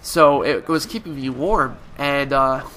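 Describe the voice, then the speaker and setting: A young man with a cold speaks through a stuffy, nasal voice. His tone is bright and sharp as he rambles casually over gameplay, full of "like" and "you know". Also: medium pitch, measured pace. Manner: rambling, many fillers and restarts. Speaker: gaming YouTuber.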